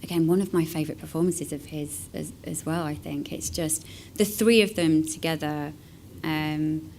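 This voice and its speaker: A woman, an actor talking about a favourite film in a relaxed, reflective way with many fillers and restarts. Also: low voice, moderate pace, slight background noise. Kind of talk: casual conversation.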